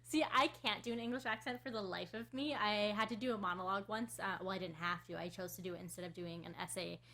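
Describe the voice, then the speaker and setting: A woman's voice: mid-range voice, fairly even intonation, quick pace, bright, forceful tone. A woman co-hosting a podcast in casual chat, teasing and laughing often. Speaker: podcast co-host.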